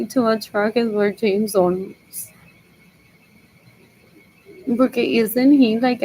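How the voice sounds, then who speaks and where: A woman's voice: a little high, warm tone, a little hiss or hum, low-quality recording. A young woman rambling in a solo monologue, repeating herself and muttering as if to herself.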